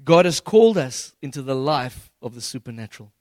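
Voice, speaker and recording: A man preaching a sermon as pastor, retelling scripture in a relaxed, humorous way with slangy paraphrases. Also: mid-range voice, a little fast, no room sound.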